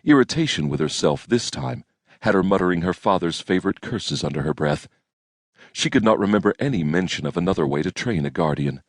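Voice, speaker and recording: A man narrating an audiobook in a measured storytelling manner, recorded on a close studio mic. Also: sits low, expressive, dry recording. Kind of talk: scripted narration.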